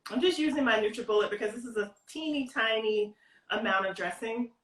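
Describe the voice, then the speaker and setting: A fairly high-voiced woman walks through a recipe in a relaxed, chatty way. She sits back from her device in a home kitchen, so her voice comes across distant. The room adds a roomy echo. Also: a little fast. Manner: chatty, explains tips step by step. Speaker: guest cooking demonstrator. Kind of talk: casual cooking demo on a video call. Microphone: video call, stepping back from the device.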